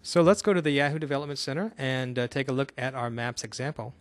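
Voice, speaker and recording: A man of middle pitch talks through a screencast coding tutorial. He explains each step in a relaxed, casual way, like an instructor showing his own screen. He is from Northern Kentucky in the US. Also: quick pace, dry recording.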